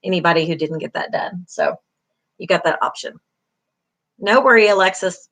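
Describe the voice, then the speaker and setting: A woman's voice: on the low side, normal speed, a bit bright. A middle-aged woman, a beauty school instructor giving an online class lecture, encouraging, with many fillers, repeating key terms.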